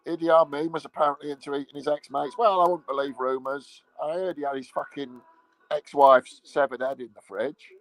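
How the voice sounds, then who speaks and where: A man's voice: on the high side, steady tone, fairly quick, poor audio. A man ranting casually in a rambling, sweary, mocking way. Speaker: vlogger. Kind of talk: casual profane rant.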